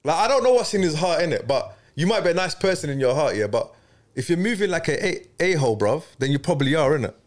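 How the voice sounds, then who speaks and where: A man hosting a casual podcast chat, animated and slangy, getting loud when excited. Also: fairly high pitch, quick pace. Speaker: podcast host.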